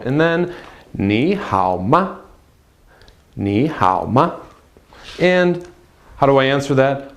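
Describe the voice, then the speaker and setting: A man teaching a language lesson at a whiteboard, drawing out his model words slowly and explaining in a chatty, off-the-cuff way. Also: mid-range voice. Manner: slow, drawn-out model pronunciations between quick English explanations; spontaneous, chatty. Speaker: Chinese teacher. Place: classroom with a whiteboard.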